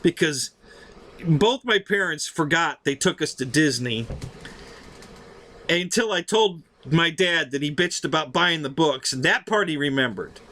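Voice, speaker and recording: A man in his fifties hosting a live stream, telling stories in a chatty, animated, profane way. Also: on the high side, unhurried. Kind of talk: casual storytelling on a live stream.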